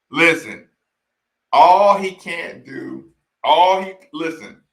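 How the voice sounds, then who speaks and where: Laughing high-voiced man. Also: vocal fry, echoey room. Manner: laughs often, repeats lines, addresses "y'all". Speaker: host reacting to old game footage. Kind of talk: casual chat.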